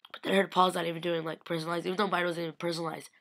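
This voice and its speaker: Racing along in a lowish, fairly bright but flat voice, a young woman vlogger gushes and rambles about meeting celebrities at a fan convention. She's slightly sick, peppers everything with "like," and acts out what people said in shifting voices.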